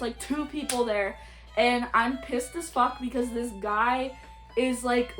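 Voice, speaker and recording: A young woman with a slightly high voice tells stories for a casual vlog. She talks bluntly, swears freely and fills her sentences with "like." Faint music plays underneath. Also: fairly bright tone. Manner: blunt, profane, frequent "like" fillers. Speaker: YouTuber.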